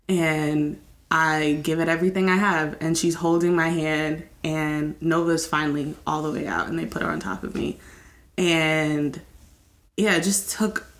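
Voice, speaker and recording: Young woman host, low, storytelling. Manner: emotional, storytelling, animated quoting. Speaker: podcast host. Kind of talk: candid podcast chat.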